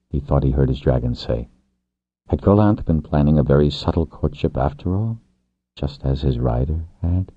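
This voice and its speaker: A man reads an audiobook in a very deep, husky voice, measured and low-key. His intonation moves widely within the lines. The recording is tinny and phone-like, dry with no room sound. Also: lively intonation, dry recording. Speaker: audiobook narrator. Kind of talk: scripted narration.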